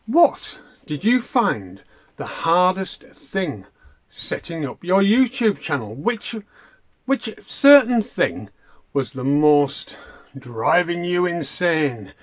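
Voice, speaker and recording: Bubbly man, very lively pitch. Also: slow. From United Kingdom. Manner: bubbly, effusive, full of praise. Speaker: fellow video creator sending a question.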